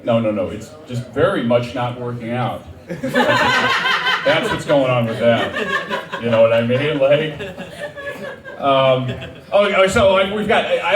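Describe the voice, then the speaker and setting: A middle-aged man doing a stand-up set in a small dive bar, talking in a rambling, self-deprecating way with halting restarts. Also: a little high, far from the mic. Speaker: stand-up comedian. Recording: roomy bar sound from off-mic with audience. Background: crowd laughter.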